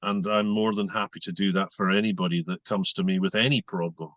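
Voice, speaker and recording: A Scottish man speaks in a bright, forceful voice that sits a little low. He explains his work in a measured, patient way. The sound is close and dry. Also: fairly even intonation, no room sound. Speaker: hypnotherapist guest. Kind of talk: interview answers.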